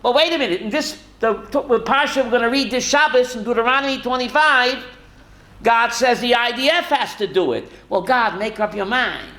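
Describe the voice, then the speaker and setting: A rabbi teaching a Torah class to students, animated and full of rhetorical questions. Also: male voice, very high-pitched, a little fast, slight background noise. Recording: roomy classroom echo.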